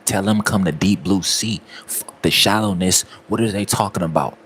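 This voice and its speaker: A man's voice: sits low, moderate pace, fairly bright tone, slight background noise. A man, giving a repetitive, preachy motivational talk aimed straight at the listener. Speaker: motivational speaker.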